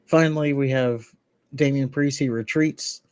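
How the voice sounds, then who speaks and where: Man, podcast co-host, casual rambling recap, mid pitch, dry close sound. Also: fairly even intonation, measured pace, clean tone, dry recording. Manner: rambling recap with laughs and restarts. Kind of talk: casual wrestling recap chat.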